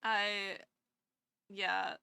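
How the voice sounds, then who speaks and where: A woman's voice: medium pitch, level tone, extremely slow, creaky, pushed and bright, clear, resonant tone, no room sound. A woman VTuber streamer chatting casually with her viewers live, rambling and self-deprecating, gushing over kind messages.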